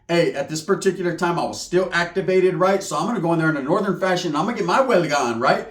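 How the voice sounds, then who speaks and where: A man tells a comedy story in streetwise slang, animated and profane. His voice is pitched high for a man, and it rings in a roomy echo. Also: fast, few pauses. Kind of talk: comic storytelling.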